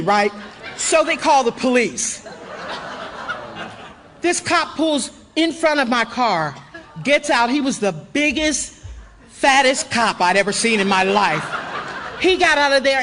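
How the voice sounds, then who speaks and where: A woman from Ohio telling a humorous personal story to a live audience at a recovery gathering, animated and acting out voices with loud bursts. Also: a little high, noisy background. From Ohio, USA. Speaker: recovery meeting speaker. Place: hotel conference hall, live audience.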